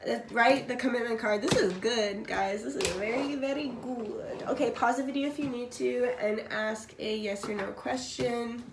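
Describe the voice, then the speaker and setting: A woman's voice: a little high, fairly even intonation, moderate pace, hardly any pauses. A woman doing a casual tarot reading, blunt and chatty, swearing freely and coughing now and then while she is sick. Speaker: tarot reader. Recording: echoey room, faint background noise.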